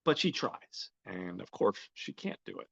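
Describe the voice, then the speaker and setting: A man's voice: sits low, wildly swooping pitch, unhurried, creaky, fairly bright tone, breathy edge. Rambling man recapping a film. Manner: rambling storyteller, swears, many fillers. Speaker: podcast host. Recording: dull lo-fi recording.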